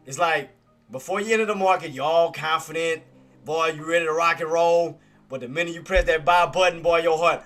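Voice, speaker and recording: A chatty man talks to his viewers about trading in loose, slangy speech and laughs often. His voice is fairly high for a man and very bright. Faint music plays behind him. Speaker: stock trading streamer. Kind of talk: casual talk to viewers.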